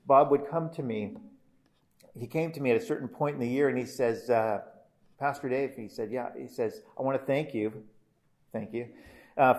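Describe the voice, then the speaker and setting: A man who is a pastor, delivering a funeral eulogy in an earnest, measured way, often restarting phrases and letting line ends fall soft. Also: medium pitch.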